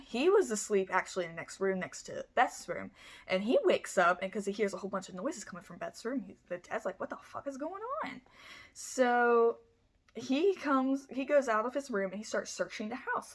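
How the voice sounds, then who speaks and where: A woman's voice: mid-range voice, moderate pace. A woman telling a true-crime story in a casual, rambling way, swearing freely and filling her talk with "like" and "you know". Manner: animated, acts out the people in her story.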